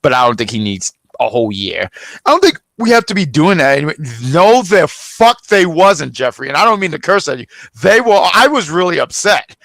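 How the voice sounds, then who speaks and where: Man, gravelly voice, dry close sound, rambling casual chat, stumbles and restarts. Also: a little high, very animated, fast talker, sharp tone, no echo. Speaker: wrestling review podcast co-host.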